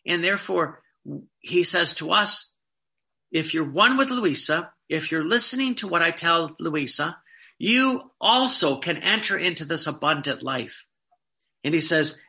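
An earnest male preacher delivers a sermon, stumbling over repeated words and slowing to read quotations. His voice is very bright and sits a little high, with a gravelly fry in it. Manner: earnest, repeats words, reads quotes slowly.

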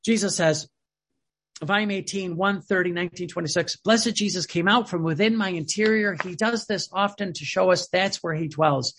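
A man preaching a sermon, reading devotional passages aloud and commenting on them in an earnest, emphatic way that swings between loud and soft. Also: high-pitched, gravelly, breathy edge.

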